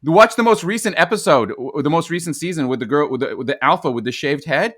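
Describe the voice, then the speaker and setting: A man hosting a casual podcast, talking in an animated, rambling, opinionated way. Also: a little high, fast talker. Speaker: podcast host.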